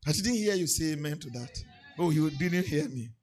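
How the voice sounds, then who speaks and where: A man with a Nigerian English accent preaching a sermon, moving from quiet asides to shouted, sing-song declarations. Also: on the high side, expressive, moderate pace, crowd noise. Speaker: pastor.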